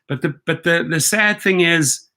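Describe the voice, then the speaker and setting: A man's voice: fairly high pitch, unhurried, bright, forceful tone. A man hosting a casual livestream, talking emphatically and asking rhetorical questions. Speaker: rideshare channel host.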